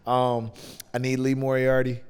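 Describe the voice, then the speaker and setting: A man's voice: medium pitch, monotone, measured pace, smooth, long reverb tail. A man with a Southern US accent, a wrestler guest chatting casually on a podcast in a loose, laid-back way with lots of fillers.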